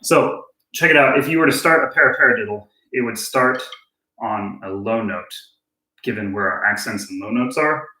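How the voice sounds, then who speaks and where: A man's voice: fairly low pitch, moderate pace. A man giving a casual drum lesson, thinking aloud and joking at his own mistakes. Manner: relaxed, self-deprecating, thinking aloud. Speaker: drum teacher. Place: room with drum kit and click track. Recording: roomy, with drumming and clicks.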